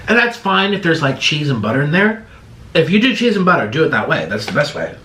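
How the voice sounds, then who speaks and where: Man, mukbang host, casual vlog chat, halting and strained, numb stinging mouth, bright tense tone, lively pitch. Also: roomy sound, slight background noise. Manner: strained, halting talk while suffering from spicy food. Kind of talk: casual eating vlog talk to camera.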